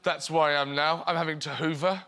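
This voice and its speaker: A man in his thirties, a comedian guest on a talk show, telling stories in an animated way and shouting out bits. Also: a little high, brisk. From England. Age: 30s. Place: TV studio with live audience. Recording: studio with loud audience laughter.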